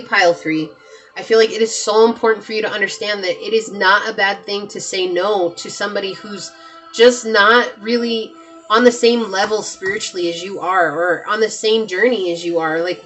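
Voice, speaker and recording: A woman's voice: medium pitch, a bit bright. Emphatic woman giving a tarot reading. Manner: emphatic, repeats herself, talks straight to viewers. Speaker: tarot reader. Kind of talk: pick-a-card tarot reading.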